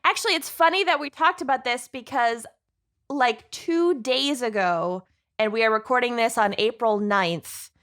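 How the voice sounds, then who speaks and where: A woman's voice: fairly high pitch, moderate pace, a bit bright. A woman co-hosting a podcast in casual, giggly chat. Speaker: podcast co-host.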